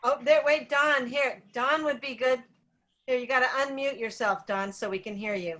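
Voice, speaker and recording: A woman's voice: high-pitched, moderate pace, a bit bright. A woman in a casual video-call singalong who patiently walks others through instructions. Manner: helpful, patiently giving step-by-step instructions.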